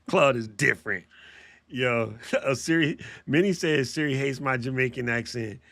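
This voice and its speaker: A man hosts a live podcast stream from a home studio in an easygoing, slangy way, cracking jokes and laughing at himself as he goes. His voice sits at an ordinary pitch, and the sound is dry and close on the mic. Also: unhurried, a bit bright, no echo. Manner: joking, laughs often, slangy. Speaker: podcast host. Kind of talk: casual livestream chat.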